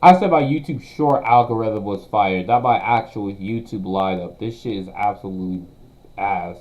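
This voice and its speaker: A young man streaming himself reacting to a video, talking casually and ranting loudly with lots of slang and swearing. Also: fairly low pitch, moderate pace, poor audio. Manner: loud profane ranting, slangy.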